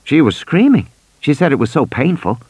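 A man's voice: on the high side, big pitch swings, normal speed, a little mellow, breathy edge, no room sound, pitched above the performer's own voice. A man voicing a worried mother in an audiobook, speaking anxiously.

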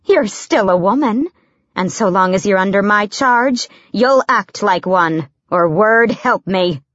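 A woman's voice: mid-range voice, lively intonation, measured pace, a bit bright, no room sound, muffled recording. A woman voicing a bold, motherly older woman servant who scolds and fusses. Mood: fussy, scolding. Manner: scolding, fussy.

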